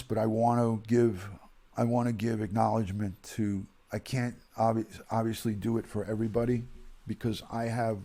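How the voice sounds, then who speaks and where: A man hosting a live stream, reading viewers' condolence emails aloud in a slow, emotional, halting way. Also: on the low side, darkish tone.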